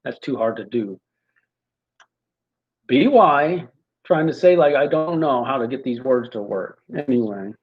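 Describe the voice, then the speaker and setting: Husky man chanting and musing over rhymes. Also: medium pitch, lively intonation, measured pace, pauses often, muffled recording. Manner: chants lines over and over, then muses quietly to himself. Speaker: amateur rapper writing lyrics. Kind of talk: thinking aloud while writing and rehearsing rhymes.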